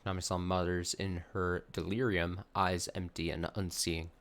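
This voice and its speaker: Let's-play host: low-voiced man, reads the game text, sarcastic asides. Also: level tone, moderate pace, a bit bright. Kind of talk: reading game dialogue aloud with commentary.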